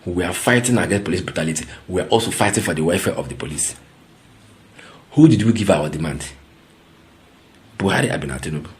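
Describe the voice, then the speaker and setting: A man's voice: sits low, lively intonation, fast talker, pauses often. A man with a Nigerian accent giving ranting political commentary, mocking and incredulous, slipping into Pidgin and repeating words for effect.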